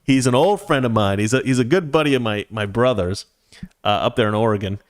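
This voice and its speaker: In a dry, clean studio recording, a forties-aged man hosting his own talk show speaks at a brisk clip in a mid-range voice. He reads viewer messages aloud and gives opinionated, chatty commentary, often restarting his sentences.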